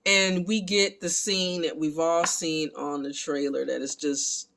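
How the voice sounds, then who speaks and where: A man giving a casual, animated recap of a film and talking to his viewers as family. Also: on the high side, measured pace, creaky, hardly any pauses. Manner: animated, excitable retelling. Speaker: film reviewer.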